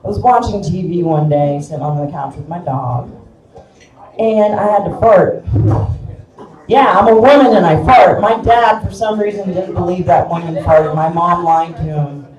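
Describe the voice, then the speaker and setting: A woman's voice: on the low side, normal speed, darkish tone, recorded from a distance, highs cut off. A middle-aged woman with a Kansas accent doing a crude, self-mocking live stand-up set in a small bar. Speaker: stand-up comedian. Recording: echoey room picked up from afar.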